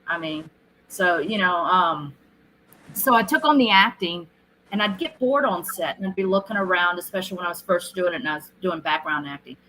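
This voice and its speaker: Animated, bright-voiced middle-aged woman. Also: on the low side, fairly quick, slight background noise, rough recording. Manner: animated storyteller who acts out quoted lines. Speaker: guest, film director. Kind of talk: casual interview chat.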